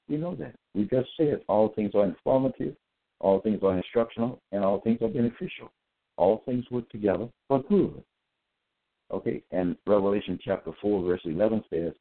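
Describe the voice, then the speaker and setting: Man, low husky voice, preaching alone, reads verses and repeats himself, phone-like sound. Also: lively intonation, moderate pace. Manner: reads verses and repeats points, asks listeners if they got it. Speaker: self-styled preacher. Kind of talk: solo scripture lecture. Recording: tinny phone-like audio.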